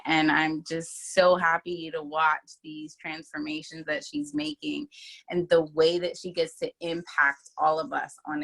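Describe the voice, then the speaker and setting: A woman on a group video call, paying an emotional, halting tribute to a friend. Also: sits low, vocal fry, fairly bright tone, rough recording.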